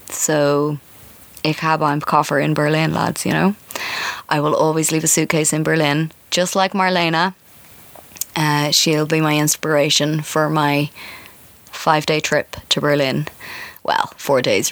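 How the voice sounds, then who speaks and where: Hosting her own casual podcast, a thirtysomething Irish woman talks in a low-pitched, fairly bright voice with no echo. She rambles in a chatty, self-mocking way, with plenty of fillers and asides.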